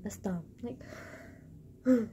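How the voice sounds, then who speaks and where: A woman's voice: mid-range voice, takes it slowly, dark tone, a little hiss or hum. A teenage girl ranting in a casual vlog, emotional and scattered, sighing and gasping, her speech full of fillers and restarts. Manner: emotional and scattered, with frequent sighs and gasps; filler-heavy, restarts often. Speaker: vlogger. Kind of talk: rambling casual vlog rant.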